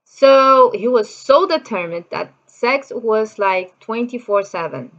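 A woman's voice: on the high side, lively intonation, takes it slowly, fairly bright tone, muffled recording. A middle-aged woman from Brazil with a Brazilian Portuguese accent, telling a personal story in a chatty way, full of "you know" fillers and acted-out quotes.

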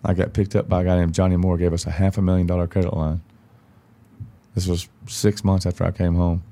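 A man with a very low, gravelly voice telling stories as a podcast guest. His tone is dark and heavy, and he swears freely and bluntly. He slips into the voices of the people in his stories. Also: level tone, brisk. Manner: profane, blunt, acts out quoted dialogue. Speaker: podcast guest, country singer. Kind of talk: casual storytelling chat.

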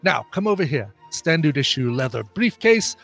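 A man's voice: on the high side, big pitch swings, normal speed, creaky, fairly bright tone, faint music behind, exaggerated voice. A man doing a comic impression of a fussy older gadget quartermaster, prim and scolding.

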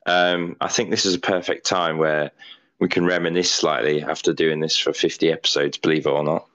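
Twenties man, deep voice, rambly podcast co-host, slightly muffled audio. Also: steady tone, brisk, fairly bright tone. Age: 20s. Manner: rambling, self-deprecating, repeats words while thinking. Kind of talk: casual chat.

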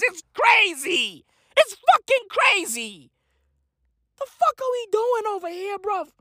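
Woman, comic ranter: high, bouncy pitch, profane slangy bro-talk, excitable outbursts. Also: no room sound, clean studio sound. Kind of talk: comedic rant.

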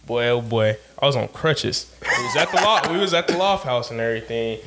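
Lively young man telling rowdy stories. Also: medium pitch, fairly quick, very noisy. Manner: animated, laughing, profane slang. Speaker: podcast co-host. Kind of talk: casual storytelling chat.

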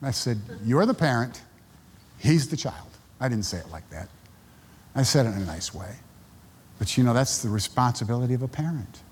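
A male pastor speaks fairly quickly as he preaches, telling stories and acting out the voices of the people he quotes. His medium-pitched voice is darkish and slightly rough, and a long reverb tail hangs after it.

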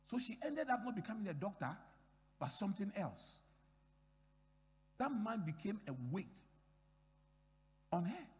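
A man's voice: high-pitched, very animated, unhurried, long pauses, a little mellow, in a large hall. A middle-aged man from Ghana preaching a sermon as pastor, emphatic, repeating key phrases and acting out dialogue in his stories.

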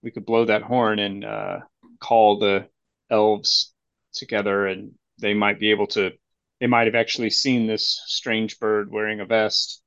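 A man's voice: on the low side, little pitch movement, a little slow, vocal fry, a bit bright, smooth, no echo. Rambling man on a dull lo-fi mic. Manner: rambling, with many restarts. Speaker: player. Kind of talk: playing a tabletop game over a call.

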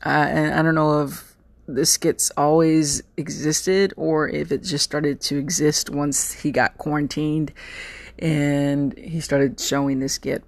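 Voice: mid-range voice, gravelly, dry recording. A podcast host from Texas in a rambling, chatty solo monologue, full of fillers and self-mocking asides. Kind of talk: casual solo podcast chat.

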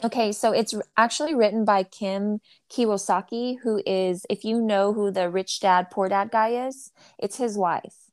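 Woman podcast co-host, chatty and playful, mid-pitched, dry sound. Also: steady tone, unhurried, no echo. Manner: bubbly, jokey storyteller. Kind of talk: casual chat.

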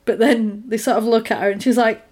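A woman's voice: fairly high pitch, fairly even intonation, a little fast, a little mellow. A woman chatting casually, recapping film scenes and acting out the characters' lines.

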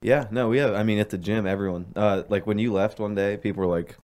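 Young dude cohosting a podcast, low voice, easygoing, keeps things moving. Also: male voice, fairly even intonation, fast talker, a little mellow. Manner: easygoing, prompting the others. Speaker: podcast co-host. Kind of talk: casual podcast chat.

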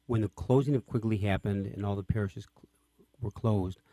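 A man's voice: fairly low pitch, steady tone, normal speed, warm tone, no echo. A man hosting an interview who asks questions with enthusiasm. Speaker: host, interviewer. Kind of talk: radio interview.

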